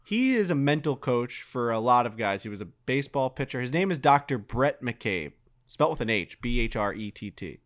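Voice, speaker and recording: A young man co-hosting a golf podcast, telling stories in an excitable, profane, casual way. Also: mid-range voice, moderate pace. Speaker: podcast co-host.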